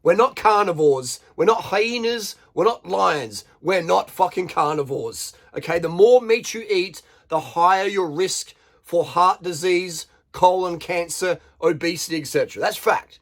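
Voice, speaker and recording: In an unhurried, high-sitting voice, an Australian vlogger rants bluntly to camera without a script. He swears freely and keeps firing rhetorical questions at the people watching.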